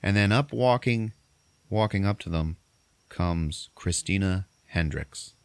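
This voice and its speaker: A man's voice: low voice, slow pace, clear, resonant tone, dry recording. A man hosting a podcast, casually recapping a movie as a profane storyteller. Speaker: podcast host.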